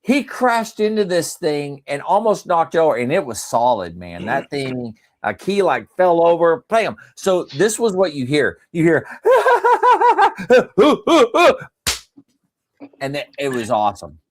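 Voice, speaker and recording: A man's voice: fairly high pitch, normal speed, hardly any pauses. A male podcast host chatting casually and telling stories, laughing often as he talks. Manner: animated storyteller who laughs often. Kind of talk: casual chat and storytelling.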